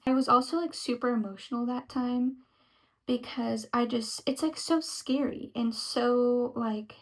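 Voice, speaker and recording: A woman's voice: a little high, steady tone, unhurried, poor audio. A young woman talking casually to her viewers in a pregnancy update vlog, full of "like" fillers and acting out quoted lines. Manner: chatty, frequent "like" fillers, acts out quotes. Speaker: vlogger. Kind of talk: casual chat.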